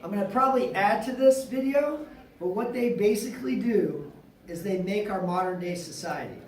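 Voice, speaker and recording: A male teacher giving an animated, slangy classroom lecture, acting out little scenes with his students. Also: high voice. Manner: animated, slangy, acts out quotes. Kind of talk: classroom lecture with role-play. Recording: echoey classroom from far off.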